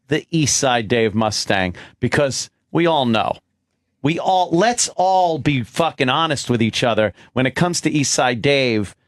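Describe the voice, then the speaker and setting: A man's voice: mid-range voice, dry recording, studio quality. A middle-aged man co-hosting a radio talk show, bantering sarcastically and laughing often.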